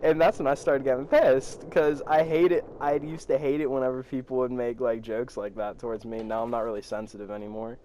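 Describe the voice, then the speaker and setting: A man's voice: medium pitch, warm tone, slight background noise. A teenage boy telling a story in a rambling, profane way, laughing as he goes. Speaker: vlogger. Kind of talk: storytime vlog.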